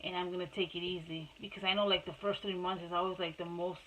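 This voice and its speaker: A woman's voice: lowish voice, level tone, fast talker, a bit bright, slight background noise, poor audio. A woman and mother telling her own life story to camera in a casual, rambling way, repeating herself and restarting often. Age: adult mother.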